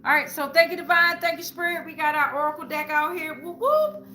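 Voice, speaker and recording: A woman's voice: sits high, expressive, a little fast, bright, forceful tone, slight background noise. A woman giving a live-streamed tarot reading, talking casually and with slang and swearing to her viewers in chat. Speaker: tarot reader. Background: faint background music.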